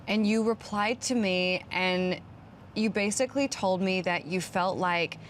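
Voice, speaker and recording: A woman's voice: medium pitch, unhurried, a little hiss or hum. A woman hosting a podcast, telling a personal story in an earnest, emotional, chatty way. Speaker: podcast host. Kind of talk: candid conversational podcast chat.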